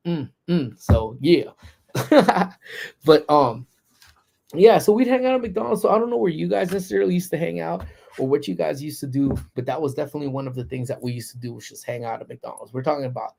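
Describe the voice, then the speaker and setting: A man's voice: on the high side, vocal fry, a little mellow. A man in his forties hosting a casual livestream, telling stories in a laid-back, slangy way with frequent laughs. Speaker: livestream host.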